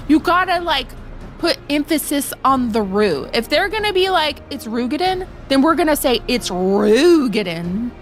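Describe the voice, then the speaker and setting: A young woman streams a game, chatting playfully and breaking into laughter often. Her fairly high voice swoops up and down with lively expression. She talks at an unhurried pace over soft background music. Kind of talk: casual live-stream chat.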